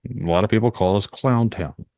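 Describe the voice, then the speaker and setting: A man's voice: on the low side, brisk, darkish tone, no room sound, studio quality. A man from Northern Indiana, hosting a podcast in a rambling, talkative way. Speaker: podcast host. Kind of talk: casual podcast chat.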